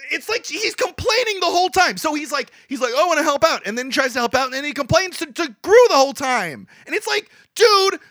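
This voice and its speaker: Man, podcast co-host, swearing movie rant, lively pitch swings, bright tone, dry close sound. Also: dry recording. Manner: exasperated, swearing rant with quick voiced impressions. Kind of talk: casual movie review chat.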